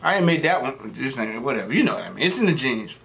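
A middle-aged mukbang host chats casually into the camera while eating, drifting from one joking story to the next in an easygoing, rambling flow. His pitch is ordinary and fairly bright, his delivery sing-song and quick with vocal fry. There's slight background noise.

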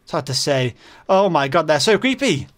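With a sing-song, high voice at normal speed, a jumpy man hosting a gaming channel shouts at monsters in his Minecraft modpack commentary. He veers between muttering and frantic yelling, peppered with fillers and self-corrections, his voice growing hoarse.

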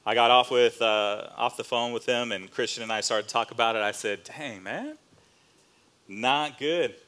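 A man pastor preaching a sermon as a relaxed, conversational story, with casual fillers and slang asides. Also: medium pitch, a little fast, smooth. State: choked up near the end.

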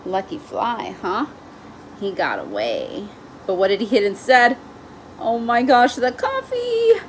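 Young woman teacher, gentle children's read-aloud, slow and lilting, asks the kids questions. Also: on the high side, wildly swooping pitch, slight background noise.

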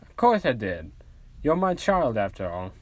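A man voicing a loving, fussing mother who speaks gently and reassuringly to her son in a fan-made story. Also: medium pitch, very animated, unhurried, no echo. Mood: worried. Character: doting loving mother, adult woman.

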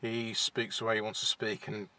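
A young man with a Wolverhampton accent talks to camera from his parked car, recorded on a simple camera mic. His voice is bright and forward. He is shy and hesitant, pausing and restarting with plenty of ums. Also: fairly low pitch, level tone. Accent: West Midlands (Wolverhampton). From England. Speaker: vlogger. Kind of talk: casual to-camera chat.

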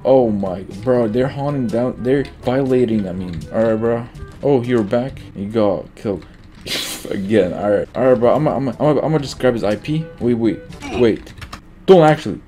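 A young man giving casual, slangy commentary over his own gameplay, excitable and quick to laugh, often repeating himself. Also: mid-range voice. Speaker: gaming YouTuber. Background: faint guitar music.

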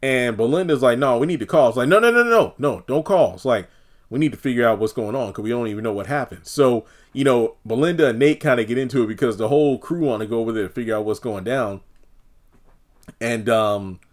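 A man's voice: mid-range voice, fairly quick, a little mellow. Male reviewer with a mid-range voice, chatty and opinionated, loose casual recap full of fillers. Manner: chatty, opinionated, many fillers, acts out characters' lines. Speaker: TV episode reviewer.

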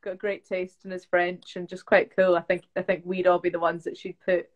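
A young woman, an actress chatting on a video call live stream, telling stories lively and acting out quotes. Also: fairly low pitch, normal speed, lo-fi sound. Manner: chatty storyteller, acts out quotes, laughs often. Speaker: actress guest. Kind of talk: casual live-stream chat. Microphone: phone or webcam on a video call.

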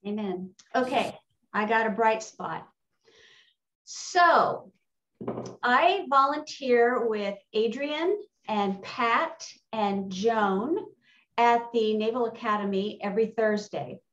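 A woman sharing a personal testimony in a casual, animated storytelling way, acting out the conversations she recounts. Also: on the high side, takes it slowly. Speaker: church member sharing a testimony. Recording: distant, roomy, dull sound.

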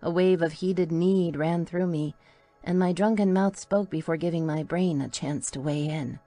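Brief: woman, low-pitched voice, wry playful first-person audiobook narration, soft music underneath. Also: fairly even intonation, normal speed, no room sound.

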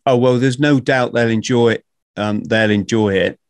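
A man's voice: medium pitch, moderate pace, no echo. Chatty man, dry close sound. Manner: chatty, jokey, informal. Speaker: podcast host. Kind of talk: casual conversation.

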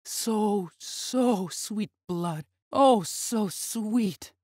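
A woman's voice: mid-range voice, very slow, a little mellow, dry recording, studio quality. A woman voicing a creepy, fanatical monster that mutters and repeats itself about sweet blood. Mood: gloating.

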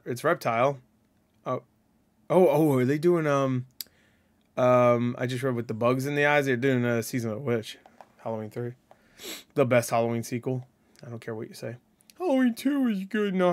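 A man hosting a casual reaction video, rambling and excitable, thinking aloud with many fillers and restarts, laughing and swearing often. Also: fairly high pitch.

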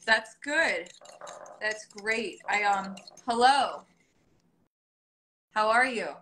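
A young woman talks her way through breakfast on a live stream, rambling and laughing easily at a middle pitch. Her voice rings in an echoey kitchen, with faint clinking of cutlery and dishes behind her. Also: extremely slow, bright, forceful tone, slight background noise. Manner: chatty, rambling, laughs often. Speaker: vlogger doing a live stream. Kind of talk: casual live-stream chat while cooking. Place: home kitchen. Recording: echoey kitchen with dish clatter.

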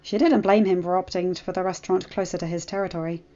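A woman narrating a fan fiction story in a steady reading voice. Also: fairly low pitch, quick pace, highs cut off.

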